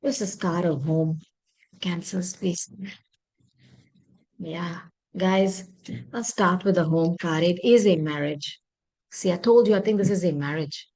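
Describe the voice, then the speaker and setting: A woman with a lowish voice reads tarot cards for her viewers in an earnest, searching way. She often thinks out loud and apologizes for what she sees, and her pitch and loudness rise and fall. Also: unhurried, long pauses. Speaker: tarot reader. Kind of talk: tarot reading monologue.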